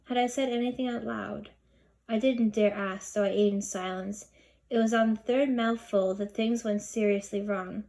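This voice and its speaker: A woman narrating a children's novel aloud in a steady, expressive reading. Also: medium pitch, moderate pace, gravelly. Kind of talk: storybook narration.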